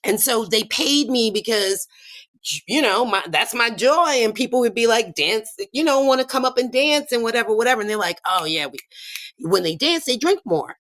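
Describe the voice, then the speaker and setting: An older woman, an activist guest, telling lively stories about dancing in bars during a casual interview. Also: on the high side, normal speed. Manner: animated, laughing storyteller.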